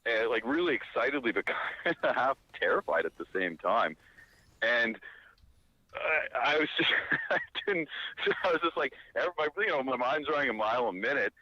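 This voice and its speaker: A man telling a long casual anecdote, animated and rambling, full of fillers and restarts. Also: medium pitch, normal speed, no echo, muffled recording. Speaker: storyteller.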